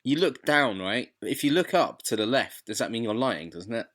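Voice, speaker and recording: A man's voice: mid-range voice, lively intonation, moderate pace, a bit bright. A man co-hosting a podcast in casual chat, rambling and drifting off on tangents. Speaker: podcast co-host.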